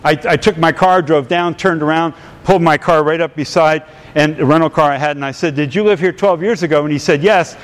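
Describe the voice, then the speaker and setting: Male preacher, high-pitched voice, animated storytelling, church hall reverb. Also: a little fast. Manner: animated storyteller, rising to fervent exhortation. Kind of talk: sermon with storytelling. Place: church sanctuary.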